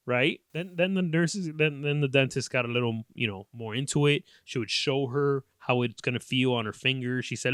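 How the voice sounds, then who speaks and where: A man's voice: on the high side, fairly quick, no echo, clean studio sound. A man in his late twenties hosting a casual podcast, telling a story with lots of swearing and laughter. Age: 20s. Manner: profane, animated, laughs often. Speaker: podcast host.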